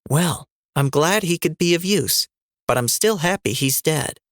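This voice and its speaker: A man putting on a fierce rebel woman who speaks with cutting determination, pitched well above his own voice in a slow, deliberate audiobook delivery. She sounds defiant and sarcastic, and the recording is close and dry. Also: expressive, no echo. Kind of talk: audiobook reading.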